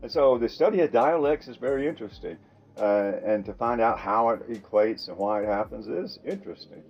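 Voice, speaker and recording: Talking to the camera in a relaxed monologue, this older man from the American South muses in a folksy way, chuckling softly. His Southern-accented voice is mid-range and brisk. Soft music plays beneath a muffled recording.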